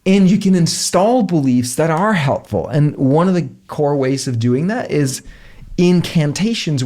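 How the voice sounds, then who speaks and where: A man coaching casually about limiting beliefs, animated and blunt, sometimes swearing. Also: a little high. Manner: animated, swears, mimics inner thoughts in silly voices. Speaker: business coach. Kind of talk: casual coaching talk to camera.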